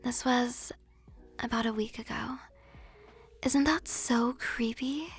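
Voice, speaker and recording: A woman's voice: a little high, slightly rough. A young woman hosting an ASMR channel, rambling and giggling in a whispered ASMR chat with frequent ums, close to the mic.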